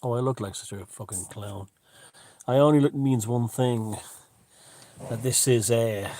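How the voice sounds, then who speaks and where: A man hosting a casual live stream from a room at home, greeting viewers and chatting in a relaxed way. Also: fairly low pitch. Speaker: livestream host. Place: room at home with the window open.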